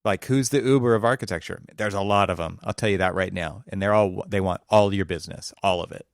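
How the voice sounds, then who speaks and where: Podcast co-host, man, fairly low voice, emphatic and lecturing, dry close sound. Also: fast talker, creaky, dry recording. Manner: emphatic, preachy about disruption. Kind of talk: casual conversation. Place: California.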